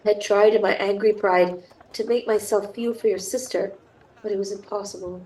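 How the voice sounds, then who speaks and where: A woman's voice: medium pitch, steady tone, normal speed, dark tone, low-quality recording. A young woman with a cold, streaming a dating sim and reading its text aloud with chatty, gushing asides. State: has a cold. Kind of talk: reading game text aloud with casual commentary.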